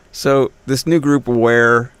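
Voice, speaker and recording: A man's voice: medium pitch, a bit bright, clean tone, no echo. A man hosting his own podcast, telling a local story in a rambling, self-interrupting way, with an Upstate New York accent. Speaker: podcast host. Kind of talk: casual monologue.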